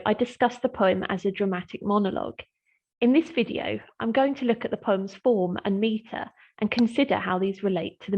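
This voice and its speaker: A woman lecturer in English literature giving a scripted lesson on poetry, explaining in a clear, measured way. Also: medium pitch, lo-fi sound. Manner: clear, measured explanatory delivery, slowing to read verse aloud.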